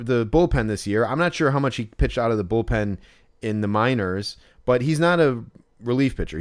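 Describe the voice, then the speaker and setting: A man co-hosting a podcast in casual chat, rambling with lots of fillers and restarts. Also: mid-range voice. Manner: acts out exasperated yelling when quoting himself. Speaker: podcast co-host.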